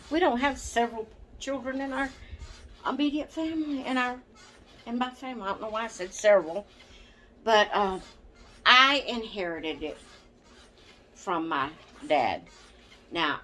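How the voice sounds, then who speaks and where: A woman's voice: a little high, a bit bright, a little hiss or hum. An older woman, chatting casually to her camera in a rambling way, laughing often and correcting herself. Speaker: vlogger.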